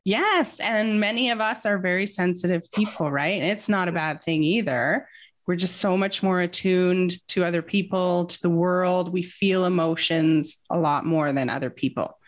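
A woman's voice: on the low side, normal speed. A woman talking as a guest in a casual interview, telling a personal story in an earnest, reflective way.

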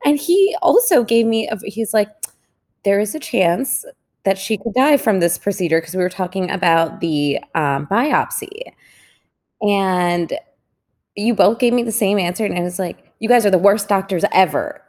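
A woman's voice: mid-range voice, expressive, a little slow, darkish tone. A woman, a parent of a young patient, recounting her experience in earnest, reflective casual conversation.

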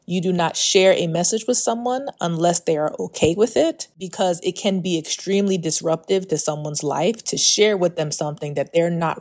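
Lower-pitched woman telling a story casually. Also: dry recording. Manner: animated, swears freely, restarts sentences. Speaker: podcast host. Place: walking outdoors.

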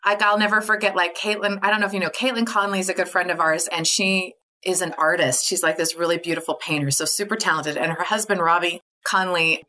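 A woman's voice: lowish voice, fairly even intonation, fast talker, hardly any pauses, sharp tone, a little hiss or hum. A woman guest telling personal stories in an earnest, chatty way, full of likes and you knows, often breaking into laughter. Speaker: podcast guest. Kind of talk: candid conversational storytelling.

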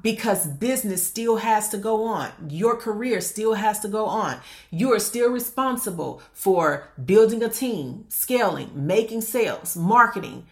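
A woman coaching successful women on marriage, speaking emphatically and asking many rhetorical questions. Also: medium pitch. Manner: calls listener "honey". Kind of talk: motivational monologue.

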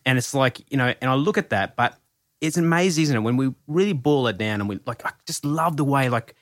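A man's voice: mid-range voice, lively intonation, brisk, a bit bright, no echo, clean studio sound. A man, hosting a podcast in a casual, chatty way. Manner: chatty, says like and you know a lot. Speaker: podcast host.

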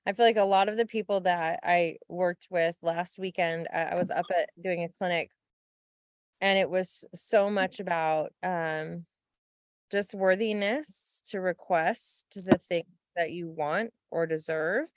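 Lower-voiced woman, dry close sound. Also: fairly even intonation, a little slow, dry recording. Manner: laughs often, loose and conversational. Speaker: podcast co-host and clinic coach. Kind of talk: casual chat.

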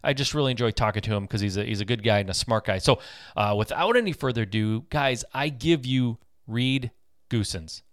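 A man's voice: medium pitch, a little fast, no echo, studio quality. A man hosting a real estate podcast, chatty and upbeat, introducing and interviewing a guest. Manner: upbeat, chatty, many fillers. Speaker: podcast host. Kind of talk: casual interview.

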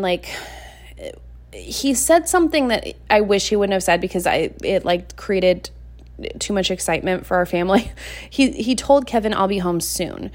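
A woman in her thirties hosting a solo talk show, telling a story from her own life. She rambles and fills her talk with "like" and "you know what I mean", and she pokes fun at herself. Her voice sits at an everyday middle pitch. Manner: chatty and confessional, self-deprecating. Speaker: podcast host. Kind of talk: casual solo storytelling chat.

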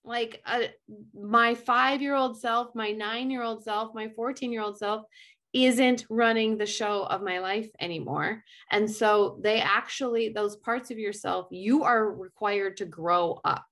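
A woman's voice: on the high side, steady tone, unhurried, a bit bright. Earnest rambling woman in her forties. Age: 40s. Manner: earnest, rambling with frequent "like" and restarts. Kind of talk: casual conversational chat.

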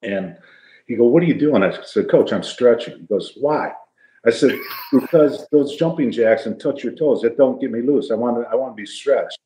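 A man's voice: medium pitch, moderate pace, mellow, roomy sound, rough recording. An older man telling funny stories from his playing days in a casual, laughing way. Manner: jokey, laughing storyteller. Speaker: guest, retired football player. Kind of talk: casual storytelling.

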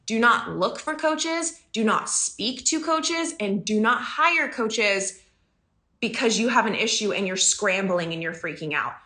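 A woman coach talks straight to her listeners in a bright, clear voice. She is chatty and emphatic and laughs often as she talks. Her pitch sits in the middle range for a woman. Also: expressive, a little slow. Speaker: business coach. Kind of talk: casual podcast talk. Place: home in the country.

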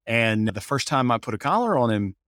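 A man hosting a casual podcast about dog training, asking guiding questions and telling relaxed anecdotes. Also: medium pitch, brisk, dry recording, clean studio sound.

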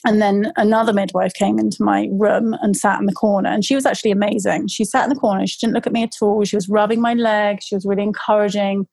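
A woman's voice: medium pitch, steady tone, fast talker, vocal fry, few pauses, a little mellow, dry recording, low-quality recording. A woman casually telling a long personal story, with many fillers and restarts. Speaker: guest telling her birth story.

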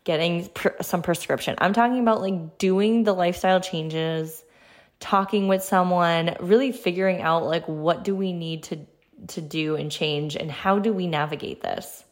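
Young woman, podcast host, slightly low voice, chatty and earnest with plenty of fillers. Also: moderate pace. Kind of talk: solo podcast chat.

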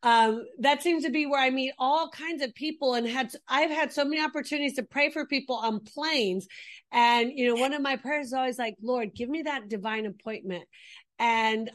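A woman hosting an online interview, speaking in a reflective, unhurried way. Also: sits high, a bit bright. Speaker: host. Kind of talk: casual interview chat.

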